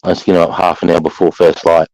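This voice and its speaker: A man's voice: low voice, little pitch movement, rapid-fire, a little mellow, dry recording, rough recording. An Australian man chatting casually as a guest, laid-back and blunt, swearing freely. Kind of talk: casual chat.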